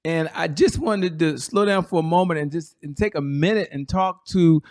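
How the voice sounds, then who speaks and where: A man's voice: fairly high pitch, normal speed, dry recording, clean studio sound. A male host of an interview show, affirming his guest and speaking directly to his audience. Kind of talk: interview chat.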